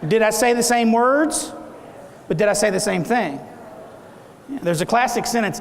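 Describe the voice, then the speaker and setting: A man's voice: high-pitched, brisk, gravelly. A middle-aged man giving a motivational talk at a conference, quizzing the audience and acting out different tones of voice. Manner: animated, audience questions, acts out tones. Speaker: keynote speaker. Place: large conference hall. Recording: echoey hall.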